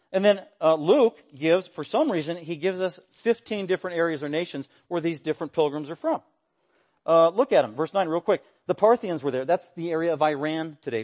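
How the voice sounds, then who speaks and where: This expository sermon comes from a pastor whose voice is a little high. He preaches emphatically and with animation, breaking into raised bursts and occasionally imitating voices for quotations.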